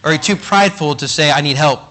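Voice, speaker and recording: A man's voice: on the high side, quick pace, bright, forceful tone. A man preaching a sermon in a conversational way, acting out the voices of the people in his stories. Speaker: pastor.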